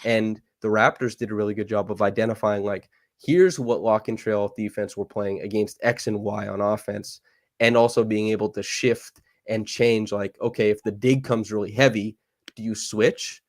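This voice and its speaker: A man with a fairly low voice talks through basketball tactics with quick, eager energy, piling on casual fillers as he goes. The sound is dry and close, with next to no room around him. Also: steady tone, no room sound. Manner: fast, enthusiastic breakdown with fillers. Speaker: podcast host. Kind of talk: casual basketball analysis chat.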